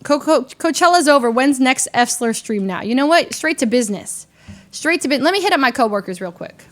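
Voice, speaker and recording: A woman streamer with a slightly high voice chats casually with her viewers. She rambles in an animated way, pokes fun at herself, and often trips over and restarts her sentences. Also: a little fast. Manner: rambling, animated and self-deprecating, with frequent restarts. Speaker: livestreamer.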